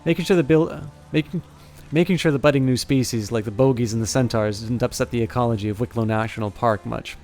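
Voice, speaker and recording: A man's voice: medium pitch, fast, few pauses, a little mellow, faint music behind, lightly acted. A man voicing a brash, wry former ranger turned mercenary, blunt and folksy, in a near-everyday voice.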